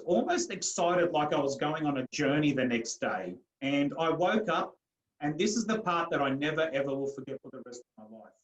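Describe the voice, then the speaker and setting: A middle-aged man tells his personal story earnestly in a podcast interview. He talks emphatically and repeats phrases with growing force. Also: on the high side. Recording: roomy echo.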